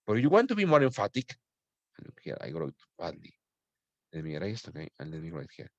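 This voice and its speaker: A male English teacher works through a grammar point for his class. His pitch rises and falls a lot, and he keeps checking in with his students. The sound is dry and close, with little room echo. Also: huge pitch swings, fast talker, gravelly, muffled recording. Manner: explains patiently, checks in with "okay?" often; switches to Spanish to address his students.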